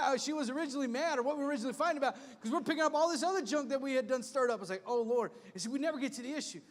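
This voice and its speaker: A man in his thirties, a pastor preaching an animated sermon with punchy repeated refrains. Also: extremely high pitch. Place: church sanctuary. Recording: long reverb of a church hall.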